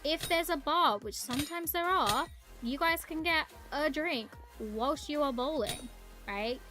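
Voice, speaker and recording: A woman's voice: sits high, measured pace, music in the background. A young woman streaming a game, chatting in a rambling, casual way and greeting her viewers. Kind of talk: casual live-stream chat while gaming.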